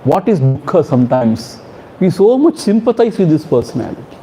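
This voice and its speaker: A man, a spiritual teacher, chanting Sanskrit verses slowly and explaining them in a gentle, fatherly way. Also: a little high, sing-song, a little hiss or hum, rough recording. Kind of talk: scripture commentary talk.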